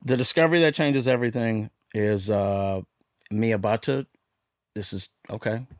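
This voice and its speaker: A man's voice: lowish voice, moderate pace, no room sound, studio quality. A man telling his story as a podcast guest in casual chat, acting out quoted dialogue with lots of energy. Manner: animated, acts out quoted dialogue.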